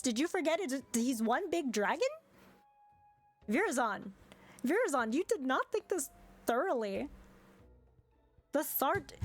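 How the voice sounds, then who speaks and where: Exasperated young woman streamer. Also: sits high. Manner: exasperated, swears and laughs often. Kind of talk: casual game commentary.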